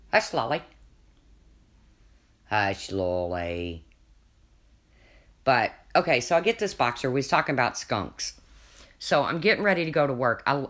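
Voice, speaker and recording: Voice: mid-range voice, a bit bright. A livestreamer in casual chat, telling a rambling story and answering viewers' comments, often restarting sentences and laughing along.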